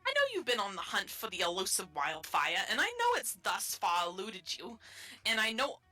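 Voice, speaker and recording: Woman playing a bragging reckless daredevil, bright, taunting. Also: mid-range voice, wildly swooping pitch, moderate pace, soft background music, full character voice, poor audio. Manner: taunting, boastful. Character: cocky reckless thrill-seeking friend. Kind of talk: live-streamed improvised voice acting.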